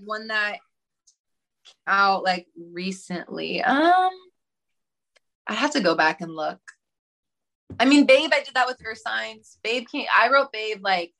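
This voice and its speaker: A woman's voice: mid-range voice, bright, forceful tone. A young woman musician, a guest in a casual interview, talking chattily with lots of fillers and giggles.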